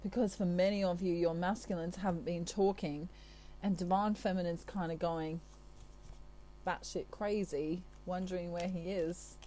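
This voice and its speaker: A woman's voice: lowish voice, fairly even intonation, normal speed, dark tone, a little hiss or hum. A woman from Australia, a tarot reader chatting casually to her viewers with a playful, giggly manner. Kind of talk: casual chat to camera.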